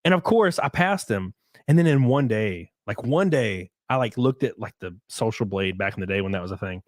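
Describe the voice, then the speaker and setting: A young man hosting a podcast, chatting casually with a guest, excitable and quick to joke and swear. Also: fairly low pitch, dry recording, studio quality. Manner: excitable, swears a lot, jokes with mock voices. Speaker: podcast host. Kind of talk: casual chat.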